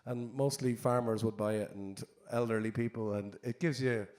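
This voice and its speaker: A man's voice: mid-range voice, fairly even intonation, moderate pace, darkish tone. An Irish man, a singer-songwriter telling a rambling, self-deprecating story between songs at a live concert. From Ireland.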